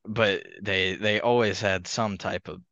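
Deep-voiced man in a rambling sports chat. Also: fairly even intonation, unhurried, sharp tone, dry recording. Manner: rambling, laughs between points. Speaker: podcast co-host. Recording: slightly muffled lo-fi audio.

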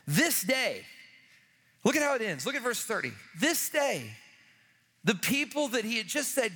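A man's voice: very high-pitched, animated, moderate pace, pushed and bright, big-room sound. A man preaching a sermon as a pastor, with earnest, urgent, repetitive exhortations to his church.

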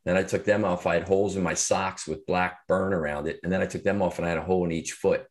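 A middle-aged man with a very low, deep voice speaks as an interview guest. He tells his story earnestly and reflectively, often restarting sentences and pausing on fillers. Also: steady tone.

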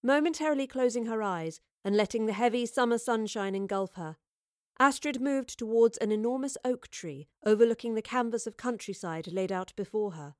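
A woman reading an audiobook as narrator, in a measured, even storytelling manner. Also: fairly high pitch, no echo, studio quality. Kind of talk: scripted narration.

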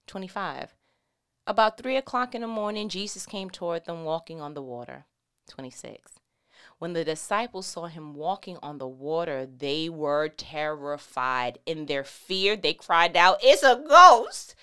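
A woman with a smooth, clean voice pitched a little low gives a relaxed Bible lesson. She moves between steady scripture reading and joking, slang-filled sidebars. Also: normal speed. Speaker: Bible teacher. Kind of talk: casual Bible teaching.

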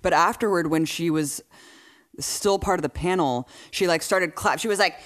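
A man co-hosting a podcast, chatting casually about politics, incredulous and animated as he retells events. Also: fairly high pitch, moderate pace. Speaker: podcast co-host.

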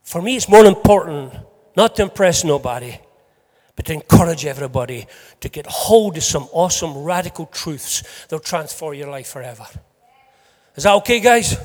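A man preaching a sermon to a congregation in a lively, joking way, swinging between loud bursts and soft asides. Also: fairly high pitch, normal speed. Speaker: pastor. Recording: long hall reverb.

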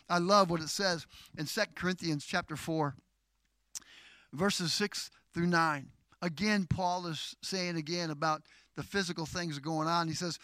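A middle-aged male pastor preaching a sermon, moving from slow, measured teaching to loud, declaiming exhortation. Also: a little high, no room sound.

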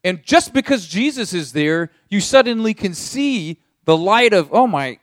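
A man's voice: sits high, unhurried, no echo, clean studio sound. A man preaching a sermon as a pastor, telling the story vividly and speaking straight to his listeners. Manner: animated storytelling in second person.

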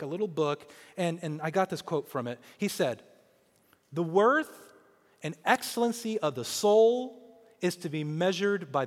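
A man from Kansas in his forties, a pastor preaching a sermon in an animated way, often repeating words as he starts a thought. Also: on the high side, long reverb tail. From Kansas, USA.

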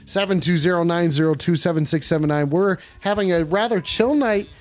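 An excitable male host with a high voice, chatting casually and cursing often. He repeats lines as he goes, and beats play softly in the background. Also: a little fast. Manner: excitable, profane, repeats himself. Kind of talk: casual call-in stream chat. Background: music.

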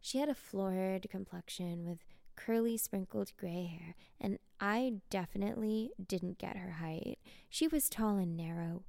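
A woman narrating a dark first-person story in a cold, menacing, profane way. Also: mid-range voice, a little slow, gravelly, hardly any pauses, no room sound, studio quality.

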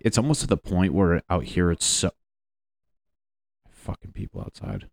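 A young man from Connecticut with a low, deep voice rambles through a casual, profane monologue. He jokes and meanders from one thought to the next, recorded close and dry with no room sound. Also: expressive, moderate pace, vocal fry, long pauses, darkish tone, dry recording. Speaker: vlogger.

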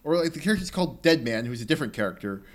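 Animated rambling man chatting about games. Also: mid-range voice. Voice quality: animated, rambling, mimics game characters in quick quoted bits. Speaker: podcast co-host. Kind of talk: casual chat about video games.

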